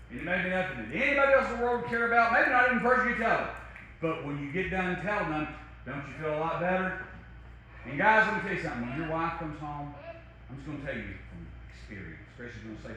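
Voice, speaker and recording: A man preaching a sermon as pastor, talking conversationally with big swings from loud to soft. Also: very animated, quick pace, very echoey, a little hiss or hum. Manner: conversational preaching with wide swings in loudness and pitch. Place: church sanctuary.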